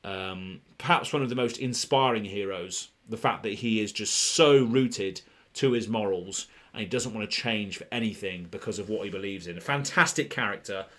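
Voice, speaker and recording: A man's voice: lowish voice, normal speed, fairly bright tone. A British man hosting a casual live stream of card pack openings, rambling and joking with lots of "um" and restarts. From Britain. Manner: rambling and jokey, full of "um" and restarts.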